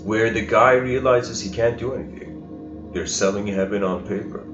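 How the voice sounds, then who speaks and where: Low-voiced man telling a story, roomy. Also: normal speed. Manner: loose and chatty, often laughing, many "you know" fillers. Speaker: spiritual lecturer. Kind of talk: storytelling lecture. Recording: dull roomy recording with music behind.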